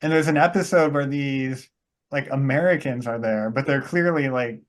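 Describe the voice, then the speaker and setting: A man of middling pitch with a Wisconsin accent, hosting a podcast in relaxed conversation. He thinks aloud, peppers his talk with "like" and rephrases himself mid-sentence. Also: normal speed. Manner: thoughtful, heavy use of "like", self-correcting. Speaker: podcast host. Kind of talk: casual chat.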